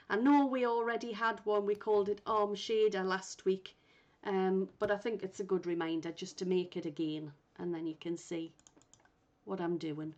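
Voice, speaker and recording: A woman teaching a software session at an unhurried, patient pace, explaining each step and thinking aloud as she clicks through. Her voice sits at an ordinary middle pitch. The recording is a little muffled and lo-fi. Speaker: instructor.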